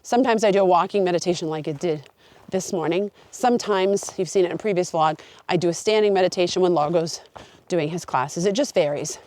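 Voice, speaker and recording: A woman's voice: lowish voice, a little fast, darkish tone, no room sound. A woman hiking a long trail, talking to her camera outdoors in an earnest, open and heartfelt way. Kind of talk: reflective talk to camera.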